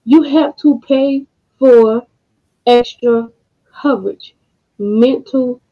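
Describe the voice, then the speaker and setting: A woman hosting a podcast, speaking in a casual monologue, emotional and frustrated, with slow deliberate pauses. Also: on the high side. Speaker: podcast host. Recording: dull lo-fi audio.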